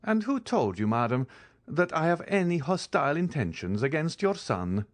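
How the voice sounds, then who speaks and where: A man's voice: a little high, moderate pace, no room sound, voice pushed up. A man voicing a coldly ironic count. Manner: calm, icy, ironic. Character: cold, commanding male count, bitterly ironic. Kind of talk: audiobook character voice.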